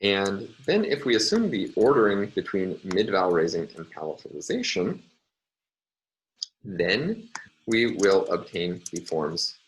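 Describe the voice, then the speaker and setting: A man with a very deep voice talks through a recorded lecture, slow and deliberate, pausing often on fillers as he works through examples. Faint clicking sits behind him. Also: sing-song, a little hiss or hum, rough recording. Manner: hesitant, many fillers, deliberate explaining. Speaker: linguistics lecturer.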